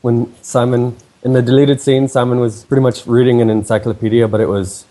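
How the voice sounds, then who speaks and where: A man's voice: medium pitch, level tone, a little fast, warm tone. A man in casual podcast chat who rambles with many fillers.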